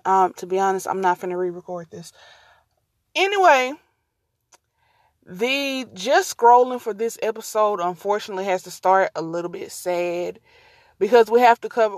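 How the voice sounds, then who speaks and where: A woman's voice: medium pitch, unhurried, no echo, clean studio sound. A woman hosting a casual solo podcast, rambling and easily distracted, talking to her listeners as y'all. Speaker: podcast host.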